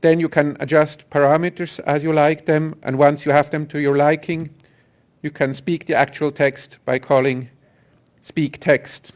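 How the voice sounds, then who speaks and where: Slightly high-voiced tech presenter man. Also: level tone, measured pace. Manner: explanatory, with fillers and restarts. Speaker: software engineer presenter. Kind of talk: technical conference presentation.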